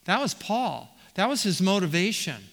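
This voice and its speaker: High, bright-voiced man preaching in a hall. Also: sing-song, moderate pace, vocal fry. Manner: teaching verse by verse, reading quotes aloud, with repeated restarts. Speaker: pastor. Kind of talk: expository sermon. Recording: reverberant hall.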